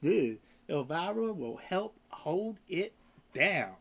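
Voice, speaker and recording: A man's voice: sits high, sing-song, slow, gravelly, fairly bright tone, a little hiss or hum. A laid-back man hosting a casual home livestream, chatting and cooing at his pet in baby talk. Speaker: livestream host. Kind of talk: casual chat.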